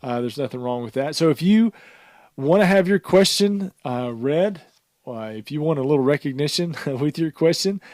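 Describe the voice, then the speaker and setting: A man co-hosting a podcast, chatting casually and rambling with frequent fillers and quick laughs. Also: a little high, expressive, darkish tone, no echo, studio quality. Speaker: podcast co-host.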